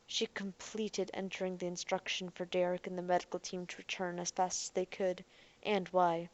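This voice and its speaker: A woman narrating an audiobook in a quiet, even storytelling manner. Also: fairly low pitch, normal speed, dry recording. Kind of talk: scripted narration.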